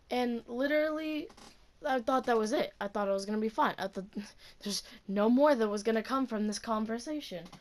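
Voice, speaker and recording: A teenage woman telling a school story in a casual, profane vlog rant, full of "like". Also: medium pitch. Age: teens. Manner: casual, profane, heavy use of "like". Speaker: student.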